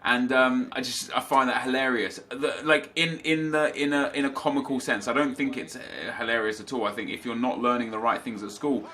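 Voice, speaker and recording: A man's voice: mid-range voice, steady tone, brisk, hardly any pauses, sharp tone. A young man hosting his gaming channel from his home office, chatting casually to camera with a slightly stuffy nose, rambling with lots of restarts and asides.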